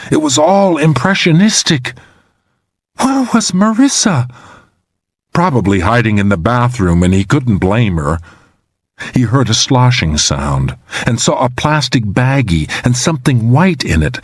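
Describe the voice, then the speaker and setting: A man's voice: mid-range voice, dry recording, studio quality. A man narrating a thriller audiobook in a dramatic, tense storytelling manner. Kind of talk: scripted narration.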